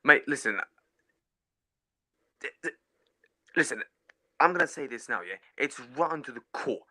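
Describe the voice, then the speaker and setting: A man's voice: medium pitch, lively intonation, moderate pace, pushed and bright. A man ranting in fury as a caller on a fan stream, swearing and repeating "mate" and "yeah". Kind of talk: angry football fan rant.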